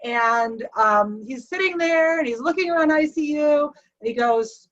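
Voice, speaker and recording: A woman's voice: a little high, normal speed, hardly any pauses. A woman guest recounting a personal story with feeling, acting out the dialogue as she goes. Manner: animated retelling that acts out the dialogue. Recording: slightly dull lo-fi recording.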